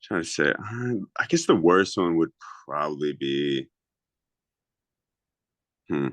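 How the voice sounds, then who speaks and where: A man's voice: extremely low pitch, expressive, takes it slowly, fairly bright tone. A man being interviewed as a league coach, answering casually and thinking aloud with hums.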